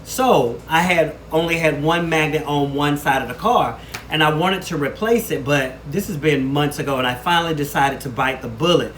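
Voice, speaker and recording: A man chatting casually to camera in a weekly vlog, telling stories and showing off products in an animated, talkative way. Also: a little high, moderate pace. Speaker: vlogger. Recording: noticeable background noise.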